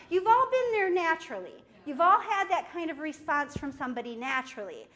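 A middle-aged woman preaching a sermon in a lively way, laughing often and acting out what people say. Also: very high voice, fairly quick, few pauses. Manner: lively, laughs often, acts out quoted speech.

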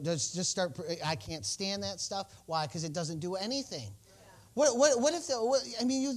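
A man with a fairly high voice preaching to his church. He talks in a folksy, joking way, drifting into quiet, chatty asides and then building to bold, loud calls. His delivery keeps jumping between playful and forceful. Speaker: pastor. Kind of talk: sermon.

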